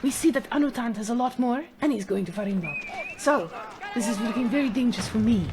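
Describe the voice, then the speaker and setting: A woman with a South African accent, giving chatty, excitable live-stream game commentary and laughing often. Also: a little high, quick pace.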